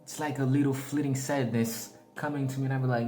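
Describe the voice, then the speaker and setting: A man's voice: mid-range voice, steady tone, fast talker, hardly any pauses. A man giving a casual, rambling spiritual talk, slangy and often laughing at his own jokes. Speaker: spiritual vlogger. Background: background music.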